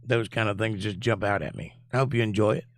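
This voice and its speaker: A hoarse man with a gravelly, scratchy voice hosts a relaxed live chat stream, reading messages and cracking jokes. His voice is nearly gone, low and rough. The sound is dry and close, with no room around it. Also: quick pace, no echo. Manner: laid-back, jokey, reads chat messages aloud. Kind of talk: casual chat.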